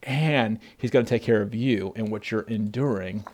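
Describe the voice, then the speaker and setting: A man preaching a sermon, telling Bible stories in an animated way and addressing listeners as folks. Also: fairly low pitch, moderate pace.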